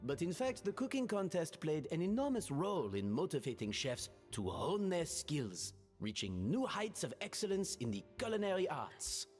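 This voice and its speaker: An actor playing a flamboyant hotel host in a game, speaking with an over-the-top fake French accent. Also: male voice, a little high, huge pitch swings, moderate pace, hardly any pauses, soft background music. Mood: theatrical. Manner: grandiose, showy, over-the-top.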